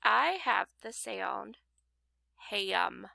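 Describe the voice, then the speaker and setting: A woman's voice: mid-range voice, animated, creaky, bright, forceful tone, no echo. A woman teaching a phonics lesson, patiently sounding out rhymes and syllables for young learners. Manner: slow, patient, clapping out syllables.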